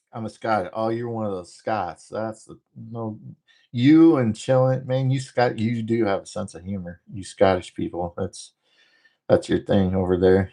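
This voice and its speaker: A man from the northern United States hosting a casual livestream, talking fast and rambling through jokes while he reads out viewer comments. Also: sits low, darkish tone. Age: adult, former military. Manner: rambling, joking, talks fast. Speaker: livestream host.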